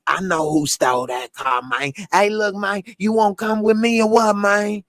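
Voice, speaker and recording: Brief: man doing a drawling smooth-talker impression, higher voice, dry sound. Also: fairly even intonation, normal speed, a bit bright, no room sound. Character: smooth-talking man, impression of a film actor.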